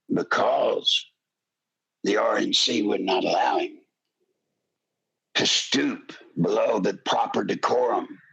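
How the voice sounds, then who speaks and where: An older man hosts a political talk radio show, his gravelly voice carrying an impassioned, pleading monologue that builds into shouting. His pitch is medium, and the audio sounds dull.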